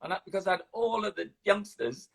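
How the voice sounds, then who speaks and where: A husky older man with a London accent chats as an interview guest. He tells his story in an animated way, stopping often with ums and restarts. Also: high voice, fairly quick. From London, England. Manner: animated storytelling, hesitant fillers. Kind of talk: casual interview chat.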